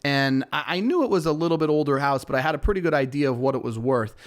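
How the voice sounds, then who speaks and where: A real estate broker who hosts a podcast tells a personal story in a casual, rambling, self-deprecating way. His voice is a little high and animated, and he talks fast, restarting often and leaning on fillers.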